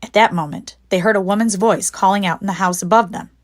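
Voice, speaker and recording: A woman narrating a children's book aloud with expressive storytelling. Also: mid-range voice, quick pace. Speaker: audiobook narrator.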